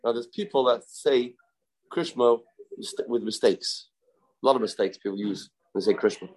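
A man's voice: mid-range voice, normal speed, darkish tone, poor audio. A man teaching a daily Talmud class informally. He explains step by step, repeats key phrases and asks rhetorical questions.

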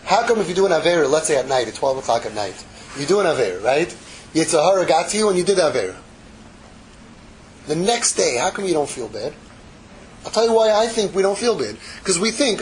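Lively high-voiced man teaching Torah. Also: fast talker, a little hiss or hum, rough recording. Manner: animated, acts out dialogues, mixes Hebrew phrases. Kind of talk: Torah class.

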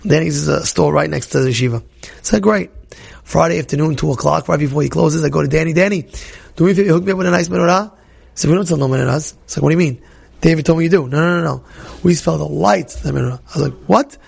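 A young man telling a religious story to a class, excitable, repeating words and acting out the people he quotes. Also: on the high side, fast, gravelly, husky. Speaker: Torah teacher.

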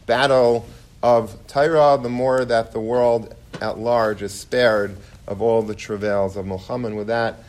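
A man's voice: medium pitch, steady tone, measured pace, darkish tone. A man giving an informal sermon to a study hall in a conversational way, with restarts and many Hebrew and Yiddish terms. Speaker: rabbi giving a Torah talk.

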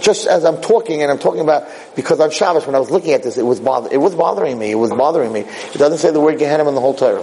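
A man giving a casual, animated Torah talk, telling a parable with quick asides. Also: medium pitch, a little hiss or hum, rough recording. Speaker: rabbi lecturer.

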